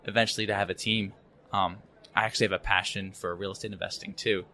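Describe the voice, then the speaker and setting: A young man as a podcast guest, talking haltingly with many fillers and repeated words at a conference. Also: lowish voice, level tone, bright, forceful tone, a little hiss or hum. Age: young adult. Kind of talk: casual interview chat. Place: conference venue.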